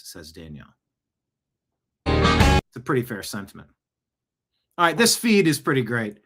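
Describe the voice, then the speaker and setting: A man's voice: mid-range voice, huge pitch swings, a little slow, long pauses, fairly bright tone, faint music behind. A middle-aged man hosting a casual news commentary show, reading posts aloud with chuckles and asides. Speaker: host.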